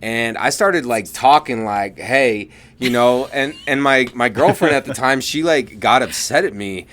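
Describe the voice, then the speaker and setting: A man's voice: medium pitch, expressive, normal speed, a bit bright. Male podcast host, easygoing chatter, faint noise behind. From Colorado. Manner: easygoing, playful interjections. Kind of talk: casual chat.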